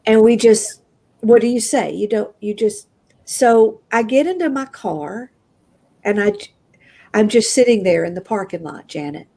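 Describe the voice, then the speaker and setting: Appearing as an interview guest, a woman with a Southern American accent tells a personal story, voicing the people in it with big leaps in pitch. Her delivery is animated yet unhurried, with a creaky, mellow quality.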